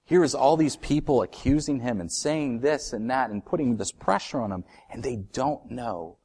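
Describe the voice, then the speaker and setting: Male pastor, mid pitch, preaching sermon, dynamic from loud to hushed. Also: normal speed, breathy edge.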